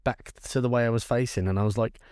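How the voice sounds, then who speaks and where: Talking fast in a clean, mid-range voice, a young male podcast co-host tells a story during casual chat. The studio sound is clean with no room sound, and he swears freely while animatedly voicing the characters he quotes.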